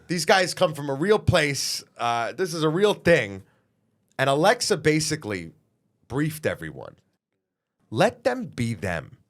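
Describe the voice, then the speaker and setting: A man, a singer being interviewed, telling his story in a lively way, swearing freely and acting out what people said. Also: medium pitch. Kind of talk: animated storytelling.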